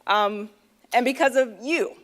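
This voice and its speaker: A woman's voice: fairly high pitch, measured pace. A middle-aged woman speaking at a convention luncheon, telling a candid, self-deprecating personal story in a chatty way with many fillers, at a podium microphone.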